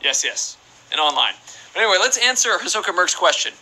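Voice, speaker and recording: High-pitched and fast, with big swings in pitch and a pushed, bright tone, this young streamer plays a game while chatting loosely. He reads viewer questions aloud in a rambling, playful way, and the audio is poor.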